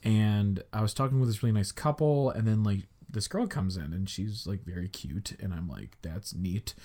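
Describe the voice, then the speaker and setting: A young podcast host from the Chicago area in the United States speaks in a fairly low, dark-toned voice at a moderate pace. Animated, he tells a story in a rambling, casual way full of fillers.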